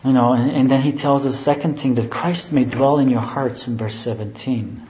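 A man's voice: mid-range voice, steady tone, moderate pace, a little hiss or hum. A man preaching a sermon who explains scripture and keeps restating his phrases. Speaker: pastor. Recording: roomy, dull sound.

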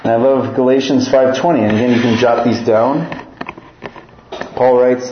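Pastor preaching in a roomy church. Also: male voice, medium pitch, steady tone, lo-fi sound, a little hiss or hum. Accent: slight Upper Midwest American. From northern Minnesota. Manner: earnest preaching, reads scripture aloud, speeds up and slows down for emphasis. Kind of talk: sermon.

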